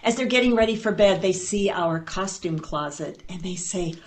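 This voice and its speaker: A woman and foster parent telling a personal story at a storytelling event, animated and playful, with dry asides. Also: fairly low pitch, normal speed.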